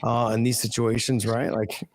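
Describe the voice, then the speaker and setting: A man's voice: mid-range voice, little pitch movement, normal speed. A man co-hosting a fight podcast, talking casually and bluntly, cursing now and then and reading out sponsor plugs. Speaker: podcast co-host. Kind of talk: casual chat.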